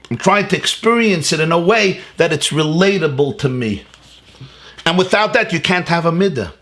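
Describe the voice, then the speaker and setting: A man rabbi giving a Torah lecture, emphatic and animated, asking rhetorical questions and repeating key words, mixing Hebrew and Yiddish terms into his English. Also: high-pitched. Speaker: rabbi teaching a class.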